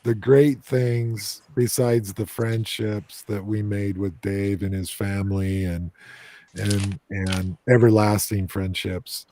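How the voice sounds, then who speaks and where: A man's voice: fairly low pitch, mellow, no room sound. An American man hosting a casual paranormal discussion on a video call, joking and teasing his co-hosts. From United States. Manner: playful, teasing banter. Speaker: paranormal investigator and host. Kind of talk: casual group chat.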